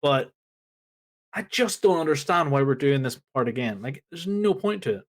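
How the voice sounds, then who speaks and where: A man's voice: fairly high pitch, moderate pace. Fired-up man ranting on a podcast. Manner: exasperated, ranting, animated. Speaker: podcast co-host. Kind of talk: casual chat.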